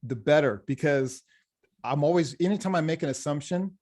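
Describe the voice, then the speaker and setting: A man, a hypnotherapist, chatting in an interview and telling lively stories about his clients, acting out the dialogue and often restarting his sentences. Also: on the high side, normal speed. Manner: animated storyteller, acts out quoted dialogue, frequent restarts. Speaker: hypnotherapist, program graduate.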